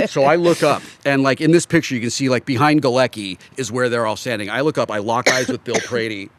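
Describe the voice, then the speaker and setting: A man's voice: mid-range voice, fast talker, no room sound. A man who works as an actor, a guest on a podcast, telling stories in casual chat and laughing through them.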